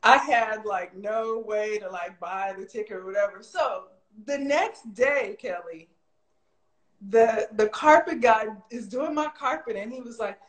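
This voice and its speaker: A middle-aged woman telling a long personal story in casual chat, animated and full of "like" fillers, jumping high in pitch when she quotes people. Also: unhurried. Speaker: guest telling her story. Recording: roomy echo.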